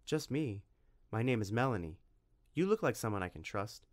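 A man voicing a sweet young girl who coaxes in a high voice, in a storybook reading. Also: lively intonation, normal speed, no room sound, studio quality, lightly acted.

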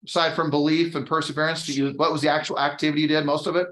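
A man's voice: on the high side, flat delivery, racing, fairly bright tone, slight background noise. A man in his fifties leading a motivational training talk for an audience, telling a personal story and building to an emphatic, upbeat push. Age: 50s. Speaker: real estate team leader and trainer. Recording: roomy echo.

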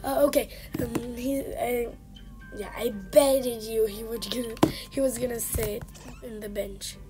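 Woman host, high voice, unhurried delivery, live gameplay commentary over game music, excitable and teasing. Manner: excitable and chatty, mock-teasing game characters. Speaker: gaming channel host.

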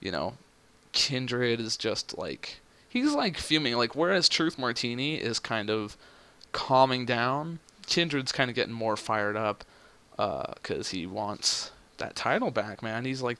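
A man talks through his game in a loose, rambling way, swearing and thinking out loud as he goes. His voice has a gravelly fry and a bright, forceful edge. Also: mid-range voice, big pitch swings, unhurried. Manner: rambling, profane, thinking aloud. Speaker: let's play host. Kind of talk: casual gaming commentary.

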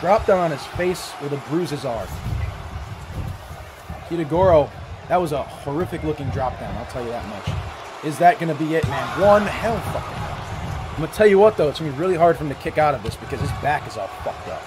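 A man giving excited, swearing play-by-play commentary on a wrestling match, shouting at the big moves. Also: on the high side, fairly quick, noisy background. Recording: music playing behind the voice.

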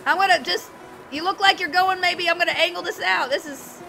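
A woman chatting excitedly to her viewers while she plays a video game live, talking back at the characters on screen. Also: very high voice, a little fast, vocal fry, faint music behind. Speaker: game streamer. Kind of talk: live gameplay commentary.

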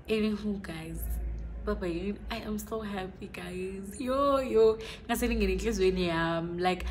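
A young woman from South Africa talks straight to her viewers in a casual vlog, rambling and bubbly. Her voice sits at a medium pitch and often sinks to an almost whispered hush. A faint background hum sits under the recording. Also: normal speed. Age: young adult. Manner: excited, rambling, often drops to a near whisper. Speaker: vlogger.

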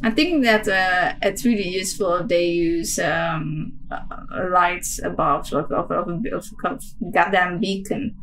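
A young woman with a Romanian background, commenting casually on a game she plays, swearing and excitable, full of fillers. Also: fairly low pitch, a little slow, hardly any pauses, slight background noise, rough recording. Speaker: game streamer.

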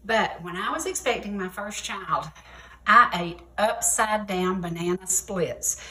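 A woman's voice: mid-range voice, unhurried, pushed and bright, echoey room, poor audio. A woman in her sixties with a Southern American accent, hosting a folksy cooking demonstration in a chatty, homespun way with emphatic repetitions. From Georgia, USA. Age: 60s. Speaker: cooking show host. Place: TV studio kitchen set.

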